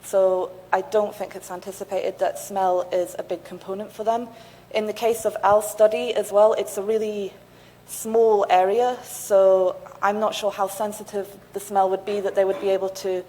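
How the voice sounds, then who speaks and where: A woman's voice: medium pitch, little pitch movement, moderate pace, dark tone. A woman finishing her conference talk and thoughtfully answering an audience question. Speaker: conference speaker. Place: lecture hall. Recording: reverberant hall with faint noise.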